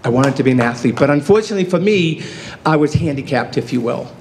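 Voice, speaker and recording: A man's voice: a little high, animated, fast, darkish tone, slight background noise. A man in his fifties giving a humorous acceptance speech, self-deprecating and acting out quoted dialogue. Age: 50s. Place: hotel banquet hall.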